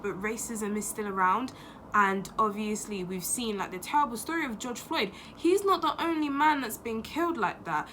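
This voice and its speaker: A young woman with a slightly high, bright voice and a forceful tone speaks in a casual opinion vlog. She's impassioned and emphatic, repeating phrases for stress, and there's a little hiss or hum in the audio.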